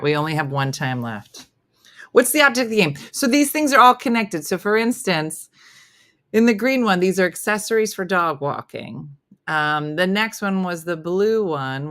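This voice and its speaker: Fairly low in pitch and fairly bright in tone, this woman sounds animated yet unhurried. She's a comedian running a live morning show, making self-deprecating small talk and working through viewer comments as casual live-stream chatter.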